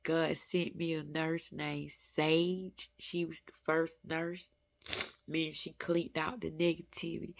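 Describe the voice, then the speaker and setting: A woman's voice: low voice, level tone, slow pace, gravelly. A woman talking heartfelt and intimately to her viewers about faith and spirit, earnest and emotional. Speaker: spiritual vlogger.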